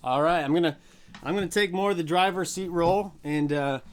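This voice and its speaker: A man's voice: on the high side, a little fast. Laid-back man chatting on a livestream. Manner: relaxed, joking, reads viewer comments aloud. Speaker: co-host and guitarist. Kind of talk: casual livestream chat.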